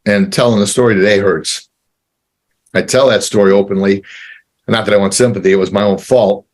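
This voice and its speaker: A man in his forties, appearing as an entrepreneur guest, tells a candid personal story. He speaks earnestly but haltingly, repeating words and getting choked up. His pitch is fairly low and his intonation fairly even.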